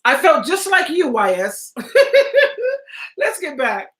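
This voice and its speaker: A woman hosts a live stream, reading out viewer comments and reacting to a video. She is chatty and affectionate with her audience and laughs often. Her voice is high and bright. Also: big pitch swings, slow. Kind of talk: casual live-stream chat.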